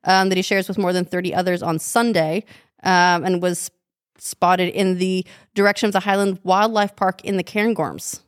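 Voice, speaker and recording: A woman co-hosting a casual podcast, relaxed and hesitant, filling with ums and giggling. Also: fairly low pitch, normal speed, clean tone, no room sound, studio quality. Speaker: podcast co-host. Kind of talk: casual chat.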